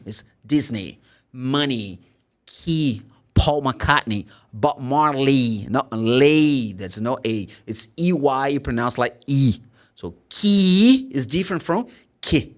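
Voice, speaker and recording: A man's voice: on the high side, lively intonation, measured pace. A man from Brazil with a Brazilian Portuguese accent, a Portuguese speaker teaching English pronunciation in a casual video lesson, repeating sounds and words to demonstrate them.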